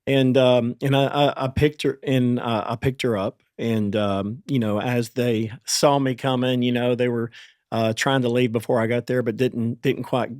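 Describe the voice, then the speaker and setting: Man in his 40s, mid-pitched, halting and searching for words; dry studio podcast sound. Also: level tone, a little mellow, dry recording. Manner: halting, with many restarts and fillers. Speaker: podcast host. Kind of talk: candid conversation about parenting.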